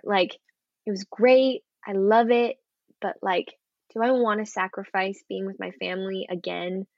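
An earnest young actress tells her story in a casual interview, lively and sincere. The recording is dry with no room sound and slightly muffled. Her voice sits in a middle range for a woman. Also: medium pitch, a little slow, vocal fry, no echo. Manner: earnest, animated storytelling with acted quotes and laughs. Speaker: actress guest.

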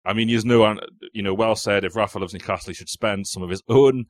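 A man's voice: lowish voice, steady tone, fairly quick, no room sound. A man hosting a football quiz podcast in casual chat, reading out quotes and teasing the players. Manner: teasing, joking, reads quotes aloud and repeats them. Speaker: quiz host.

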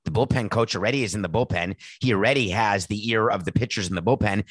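Fired up and sarcastic, this man hosts a sports talk monologue, playing out conversations between team officials in animated commentary. He talks quickly in a low, fairly bright voice, recorded dry.

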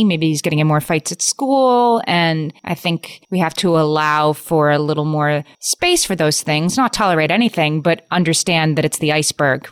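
A woman co-hosting a casual parenting chat, earnest and advice-giving, quick to laugh. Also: low-pitched, clear, resonant tone, dry recording, studio quality. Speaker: podcast co-host.

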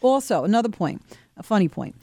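A woman's voice: mid-range voice, brisk, no echo, clean studio sound. Chatty New York woman telling stories. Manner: animated storyteller, chatty. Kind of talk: radio talk show chat.

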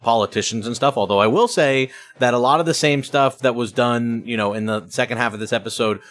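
A man's voice: medium pitch, brisk, a bit bright. A man with a mid-range voice chats on a casual comedy podcast. He rambles through his points and picks them apart. His speech is full of fillers and trailing asides. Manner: rambling and analytical, with many fillers. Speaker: podcast panelist, comedy writer.

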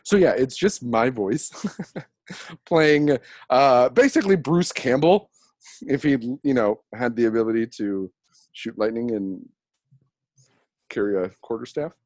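A chatty, animated host who laughs easily as he trades thoughts on role-play. His voice sits at an ordinary male pitch and is recorded dry and close, with no room around it. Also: unhurried, pauses often, no room sound. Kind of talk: casual chat about role-playing.

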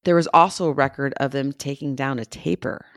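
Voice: medium pitch, brisk, a bit bright, no room sound, clean studio sound. A podcast co-host chatting casually and gushing with enthusiasm about animals. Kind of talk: casual chat.

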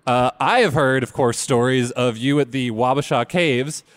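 A man hosting an interview, wrapping up with brisk, friendly patter. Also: medium pitch, no echo. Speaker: podcast host. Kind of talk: interview wrap-up.

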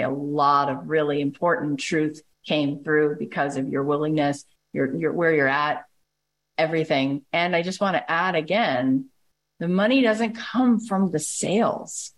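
A woman podcast host giving a passionate, emphatic motivational talk to her listeners. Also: low-pitched.

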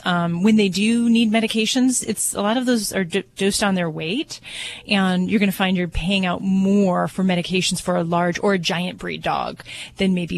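A woman's voice: lowish voice, gravelly. A woman advising a caller on a pet radio call-in show, explaining at length with light laughs and many fillers.

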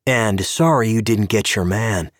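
A man playing a gruff, cynical male spymaster in an audio story, snappish and sarcastic. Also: fairly low pitch, a little slow, no echo, clean studio sound, lightly acted.

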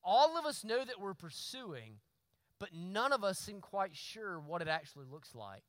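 A man, preaching a sermon and telling a story with lively, sometimes shouted asides. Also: high-pitched, normal speed, dry recording, rough recording. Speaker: pastor.

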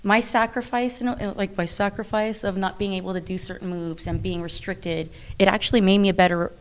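A woman who is a professional wrestler, talking in an interview in a chatty, animated way, with many restarts and frequent laughter. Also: mid-range voice, a little fast. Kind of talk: interview conversation.

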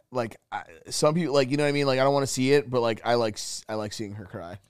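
A man's voice: mid-range voice, fast, clean tone, no echo, studio quality. A young man co-hosting a podcast, chatting casually with a lot of swearing and joking. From Hastings, Canada. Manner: profane, joking, lively. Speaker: podcast co-host. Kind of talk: casual crude chat.

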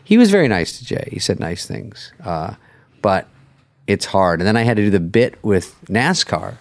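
Middle-aged guy, deep voice, chatty storyteller, does the voices of people he quotes. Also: moderate pace, vocal fry, no echo. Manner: animated storytelling, acts out quotes. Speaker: late-night host, guest. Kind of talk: casual podcast chat.

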